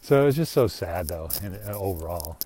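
A man's voice: low voice, expressive, a little fast, dark tone, a little hiss or hum. A man hosting his own podcast, talking in a rambling, reflective, self-deprecating monologue. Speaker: podcast host.

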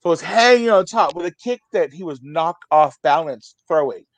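A man's voice: on the high side, moderate pace, no room sound. A man in his forties casually telling a profane story on a podcast, acting out the people in it. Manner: profane, animated, acts out quotes. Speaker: storyteller guest.

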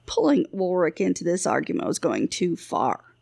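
A woman reads a fantasy novel aloud in an even, steady way. Her voice is strongly gravelly with a lot of fry, and the recording is close and completely dry. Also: lowish voice, moderate pace, no echo. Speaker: audiobook narrator. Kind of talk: scripted fantasy narration.

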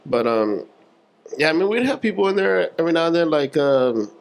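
A man's voice: fairly high pitch, big pitch swings, fairly quick, gravelly. A young man co-hosting a podcast, chatting in a laid-back way, swearing casually and acting out dialogue from his stories. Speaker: podcast co-host. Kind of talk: casual chat.

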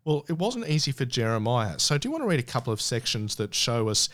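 A man's voice: medium pitch, very animated, fairly bright tone. Aussie guy talking scripture casually, earnest, trips over his words. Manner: earnest, halting, with many restarts. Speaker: Bible study host. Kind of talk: casual Bible discussion.

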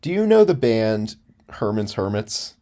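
Rambling young man with a low voice. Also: sing-song, unhurried, mellow. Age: 20s. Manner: rambling storyteller, many fillers and restarts. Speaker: podcast co-host. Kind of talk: casual chat.

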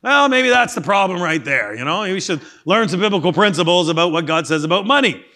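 A man's voice: high-pitched, lively intonation, fairly quick, pushed and bright. A pastor voicing a down-to-earth male friend, giving plain money advice in a practical, matter-of-fact way.

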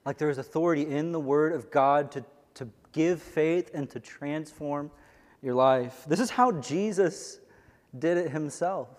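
A man's voice: fairly high pitch, a little slow, a little mellow, long reverb tail. A man commenting casually and earnestly on a sermon, quoting Bible verses. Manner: earnest, casual, quotes scripture. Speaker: host commenting on a sermon clip.

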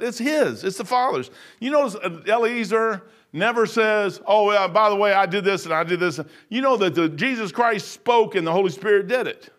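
A man's voice: high-pitched, a bit bright. A man preaching a sermon in a folksy, rambling, emphatic way.

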